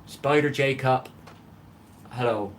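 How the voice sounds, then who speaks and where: A man's voice: mid-range voice, slow pace, slight background noise. A middle-aged man from England with a Bristol accent, chatting with viewers on a live cooking stream in his home kitchen and reading out their messages. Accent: Bristol English. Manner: chatty, greets viewers by name, reads out chat.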